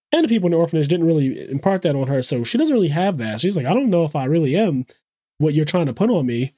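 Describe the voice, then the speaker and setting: Man, fairly high voice, animated casual retelling, dry close recording. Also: no echo. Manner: animated retelling, quick asides, frequent swearing. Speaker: podcast co-host. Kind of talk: casual chat.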